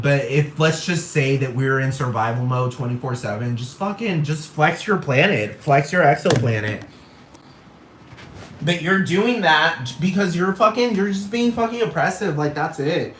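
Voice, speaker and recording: Exasperated ranting man, slightly high voice. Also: bright, forceful tone. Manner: exasperated, repetitive rhetorical questions. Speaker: vlogger. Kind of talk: profane ranting monologue. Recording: roomy echo with faint noise.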